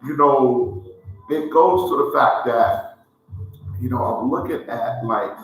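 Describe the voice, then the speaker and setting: A man's voice: mid-range voice, animated, slow pace, soft background music. A man hosting a cigar show, talking in a casual heartfelt way and rambling, often repeating himself as he restarts his thoughts. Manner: rambling, repeats "let me say it like this here". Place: large indoor room in a historic building. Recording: very echoey room.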